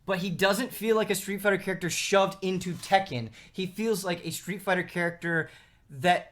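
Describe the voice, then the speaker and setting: A man's voice: sits high, moderate pace. A young man on a gaming panel show, eagerly telling a story and acting out the lines of the people in it. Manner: animated, acts out quotes. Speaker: regular panelist. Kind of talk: excited storytelling chat.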